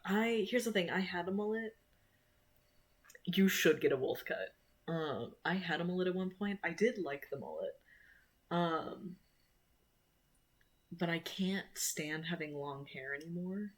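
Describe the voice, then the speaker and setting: Young American streamer, husky mid-pitched voice, loose self-deprecating chatter. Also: animated, a little slow, long pauses. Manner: rambling, self-mocking, laughs often. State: sore mouth after dental surgery. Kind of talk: casual live-stream chat.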